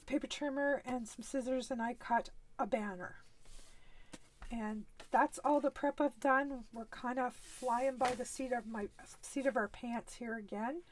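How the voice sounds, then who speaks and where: A woman with a light Canadian East Coast accent walks viewers through a card-making project in a live stream. Her voice sits a little high, and she takes her time, chatting in an easygoing way as she works. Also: steady tone, measured pace. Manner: chatty, easygoing, talks while working, frequent little laughs. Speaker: stamping demonstrator hosting a live stream. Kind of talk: casual crafting demonstration.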